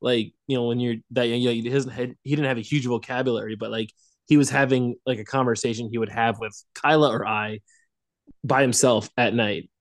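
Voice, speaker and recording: A man's voice: mid-range voice, steady tone, brisk, no echo, studio quality. A young man co-hosting a podcast, telling a story in a rambling way with frequent laughs. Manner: rambling, laughing storyteller who acts out quotes. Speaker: podcast co-host. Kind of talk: casual storytelling chat.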